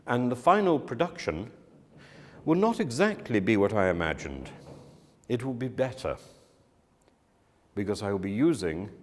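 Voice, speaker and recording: A man teaches a room of students at a slow, deliberate pace, his slightly low voice rising and falling in lively swoops. He acts out the things people say with sudden emphasis. The recording carries a long reverb, as in a large hall. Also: slight background noise. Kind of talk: talk to students on directing and teaching.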